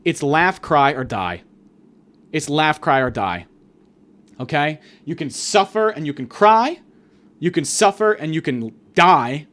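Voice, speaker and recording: A man's voice: fairly high pitch, animated, a little slow, a bit bright. A man hosting a podcast, delivering a rambling, profane, exasperated comedic rant. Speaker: podcast host.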